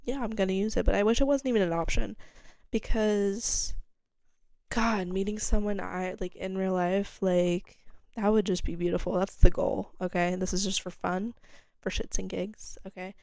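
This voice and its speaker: A woman's voice: medium pitch, fairly even intonation, moderate pace, gravelly, a little mellow, no room sound. A young woman hosting her own podcast, rambling candidly in a casual solo monologue, full of "like" and casual swearing. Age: young adult. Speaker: podcast host.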